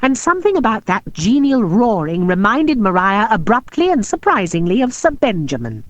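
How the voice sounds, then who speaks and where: Woman audiobook narrator, animated, dry studio sound. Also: medium pitch, normal speed, hardly any pauses, dry recording. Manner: expressive and animated reading. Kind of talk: storybook narration.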